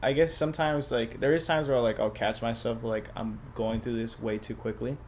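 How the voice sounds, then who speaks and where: A man's voice: medium pitch, steady tone, normal speed, darkish tone, a little hiss or hum. A man talking in a casual podcast chat as a stand-up comedian guest, loose and rambling with lots of filler and swearing. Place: podcast studio.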